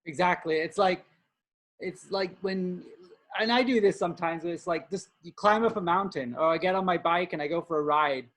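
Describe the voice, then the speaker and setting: A man's voice: sits high, moderate pace, fairly bright tone. A man co-hosting a podcast, earnest and rambling, leaning on "like" as he talks through his feelings. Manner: earnest, rambling, many "like" fillers. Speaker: co-host. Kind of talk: casual spiritual chat.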